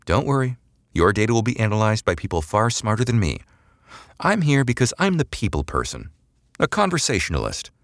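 A man's voice: sits low, very animated, moderate pace, fairly bright tone, no room sound, clean studio sound, exaggerated voice. A man voicing a cool, glib female imperial agent who interrogates a prisoner in a mock-casual way that turns cold and matter-of-fact. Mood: glib, taunting.

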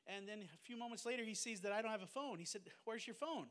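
A man's voice: high-pitched, steady tone, racing, fairly bright tone, long reverb tail, slight background noise. A man, a pastor and missionary, earnestly telling a personal testimony in a fervent, emotional way. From United States.

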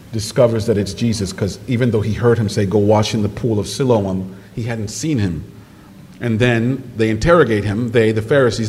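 Male preacher, mid pitch, lively storyteller, long church-hall reverb. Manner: animated storytelling, rising to high excited pitch in quoted voices. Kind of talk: sermon. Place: church sanctuary. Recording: distant microphone in a reverberant church hall with noise.

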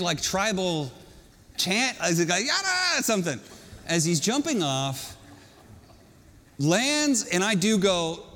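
High-voiced storytelling preacher man. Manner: storytelling, animated, self-mocking. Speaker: pastor. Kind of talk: sermon. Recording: long hall reverb.

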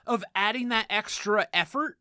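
A man co-hosting a casual podcast chat, animated and swearing as he argues his points. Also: sits high, moderate pace, clear, resonant tone, no room sound, clean studio sound. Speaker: podcast co-host.

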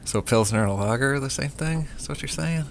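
A man's voice: mid-range voice, lively intonation, fast talker, creaky, a little hiss or hum. A man in casual chat, easygoing and often puzzled, asking questions about beer.

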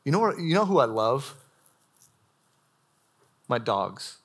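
A young adult man preaching a sermon to a live audience in a church hall, casual and animated, with frequent filler words. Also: mid-range voice, slow, breathy edge.

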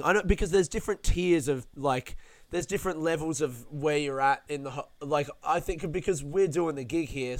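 A man's voice: medium pitch, a bit bright, clean tone, dry recording. A young man hosting a podcast, rambling through a casual, self-deprecating, sweary monologue. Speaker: podcast host, comedian.

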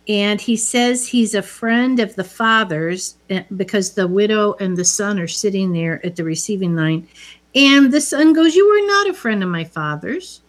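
A woman casually retelling a movie's scenes, quoting the characters as she goes. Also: medium pitch. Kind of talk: casual movie recap chat.

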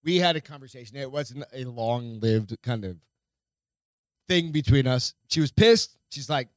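A man's voice: medium pitch, animated, measured pace, no room sound, studio quality. A man co-hosting a casual podcast with his wife, self-mocking, swearing and rambling. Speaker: podcast co-host. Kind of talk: casual chat.

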